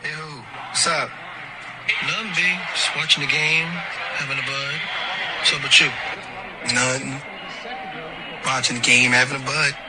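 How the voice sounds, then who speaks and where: An actor playing rowdy young male buddies greeting each other over the phone with shouted, drawn-out hellos. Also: mid-range voice, fairly even intonation, very noisy, close to an everyday voice. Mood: rowdy, playful.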